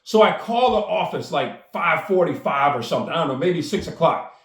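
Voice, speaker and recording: In an echoey room, a man with a slightly high, fairly bright voice tells a personal story at normal speed. This storyteller and speaker is enthusiastic and acts out the dialogue as he goes.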